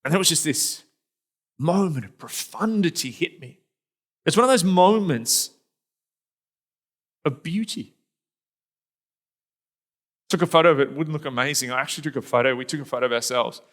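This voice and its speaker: Pastor telling a personal story. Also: male voice, on the high side, animated, moderate pace, pauses often, a bit bright. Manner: conversational, reflective, with fillers and restarts. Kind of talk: storytelling sermon.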